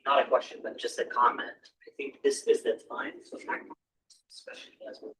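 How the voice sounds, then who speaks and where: A man in the audience makes a rambling comment during a question session. His pitch swings widely. He is heard from far off the microphone. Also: wildly swooping pitch, moderate pace, creaky, a bit bright. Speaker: audience member. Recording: distant from the mic.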